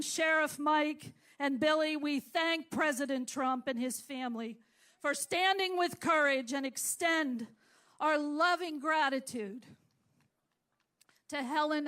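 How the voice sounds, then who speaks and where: A woman giving solemn remarks and a blessing at an outdoor rally, speaking in a measured, reverent way into a stage microphone. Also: sits high, fairly bright tone.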